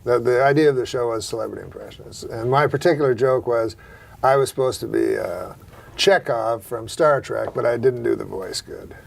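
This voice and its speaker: A middle-aged man hosting a talk show, telling rambling, profane anecdotes in a deadpan way. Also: medium pitch, normal speed, gravelly. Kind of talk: casual chat and anecdotes.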